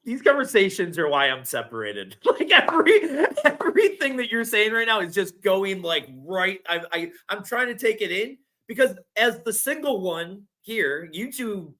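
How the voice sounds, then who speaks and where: Animated joking man on a podcast. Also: sits high, moderate pace, few pauses. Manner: joking and animated, laughs often. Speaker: podcast co-host. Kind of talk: casual chat.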